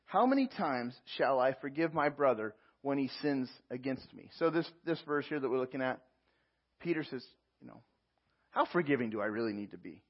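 A man's voice: medium pitch, animated, normal speed, lo-fi sound. A man preaching as a pastor, reading scripture aloud and explaining it verse by verse. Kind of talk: sermon.

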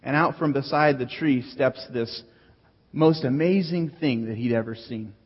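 A male pastor delivers an earnest, teacherly sermon in a husky, mid-pitched voice, returning to his key phrases. His voice carries a long reverb from a large church hall. The recording sounds slightly dull. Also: unhurried.

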